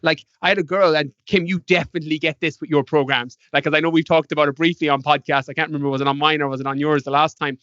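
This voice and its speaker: A man's voice: a little high, steady tone, fast, hardly any pauses, fairly bright tone, dry recording, highs cut off. A man who is a mindset coach and a podcast guest, talking casually and energetically, with many restarts, and acting out his clients. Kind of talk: casual conversation.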